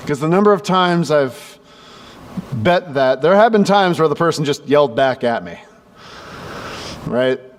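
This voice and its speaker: High-voiced male pastor preaching. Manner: animated storyteller who acts out dialogue. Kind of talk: sermon. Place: church sanctuary. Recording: echoey church with faint background noise.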